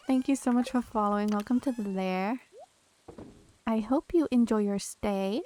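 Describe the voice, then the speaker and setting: Her voice leans high with a dark tone and a normal speed, and a little background noise is audible. This young woman plays a game on stream, chatting casually and thanking viewers by name.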